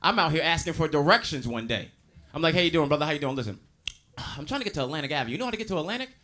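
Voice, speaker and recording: High, bright-voiced male stand-up comic. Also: animated, racing. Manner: loud, crowd-working, acts out characters. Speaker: stand-up comedian. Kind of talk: stand-up comedy set. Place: comedy stage before a live audience.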